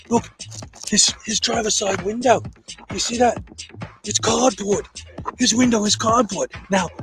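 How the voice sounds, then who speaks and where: A man puts on a bumbling wildlife-show presenter with a deliberately rough Cockney accent. His voice sits high and eager, hushed and full of wonder. Music plays steadily beneath the parody documentary narration. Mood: excited. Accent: put-on Cockney. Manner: excited, breathless wonder. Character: bumbling male wildlife-documentary host, excitable.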